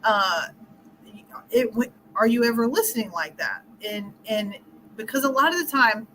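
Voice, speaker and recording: A woman's voice: a little high, animated, moderate pace, pushed and bright, slight background noise, low-quality recording. A middle-aged woman relationship coach talking casually in an interview, explaining with everyday scenarios and laughing often.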